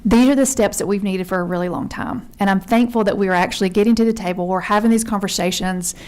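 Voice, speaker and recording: Fast-talking woman giving testimony. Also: medium pitch, fairly even intonation, darkish tone. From Georgia, USA. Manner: earnest, conversational, says y'all. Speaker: member service consultant testifying to a committee. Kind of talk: committee testimony.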